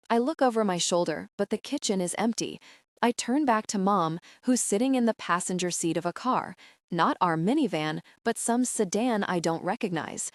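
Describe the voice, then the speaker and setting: A woman's voice: medium pitch, no room sound. Woman narrating an audiobook, dry sound. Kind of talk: first-person audiobook narration.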